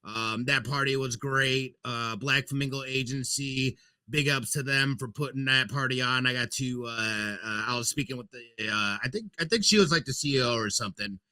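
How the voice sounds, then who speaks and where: Bright-voiced casual podcast guy. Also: mid-range voice, normal speed, hardly any pauses. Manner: rambling, laughs easily. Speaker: podcast co-host. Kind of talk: casual chat.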